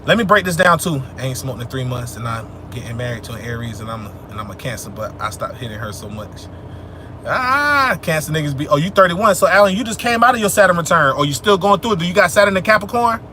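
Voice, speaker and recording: Answering chat on a casual spiritual livestream Q&A, this young man speaks fast in a high, bright, forceful voice with lively intonation. His talk is loose and profane, dotted with street slang, and grows emphatic and preachy when he makes a point, while traffic hums faintly in the background.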